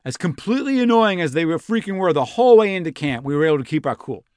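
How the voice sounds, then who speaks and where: A man's voice: a little high, very animated, fast, darkish tone, clean tone, no echo, clean studio sound. A man voicing a breathless, rambling young Roman envoy who talks like a slang-heavy, swearing bro. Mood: breathless, excited. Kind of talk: comic reenactment in a podcast.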